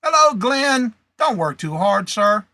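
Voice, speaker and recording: His voice is high, bright and sharp, slow and sing-song, as he hosts a casual live reseller stream. He reads out viewers' comments and greets them by name; the recording is close and dry, with no room reverb.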